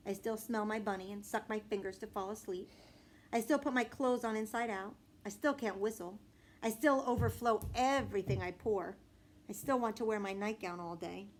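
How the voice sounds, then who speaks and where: A woman reading a children's storybook aloud with expressive narration and lively character voices. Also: a little hiss or hum. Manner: voices a young girl with bursts of high excitement. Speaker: audiobook reader.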